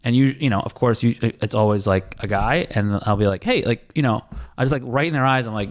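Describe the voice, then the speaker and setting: A man's voice: medium pitch, fairly quick. Rambling storyteller man, podcast host. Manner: rambling storyteller, laughs mid-sentence. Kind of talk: casual chat.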